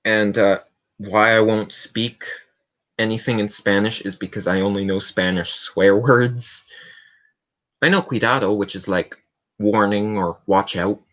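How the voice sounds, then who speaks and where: Guy rambling on his q&a stream, kinda low voice, cracking dumb jokes at himself. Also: fairly even intonation, a little slow, a bit bright. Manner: rambling, self-mocking jokes. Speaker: livestream host. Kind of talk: casual Q&A stream chat.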